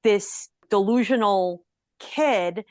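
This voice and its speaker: A woman co-hosting a film podcast in casual conversation, animatedly acting out characters' thoughts in quick asides. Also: mid-range voice, dry recording, studio quality. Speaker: podcast co-host.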